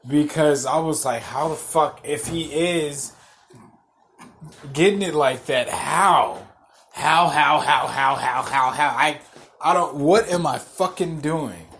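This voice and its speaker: A man hosting a podcast, telling a story as a profane rant, swearing constantly, repeating himself and getting loud and worked up. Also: on the high side, measured pace. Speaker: podcast host.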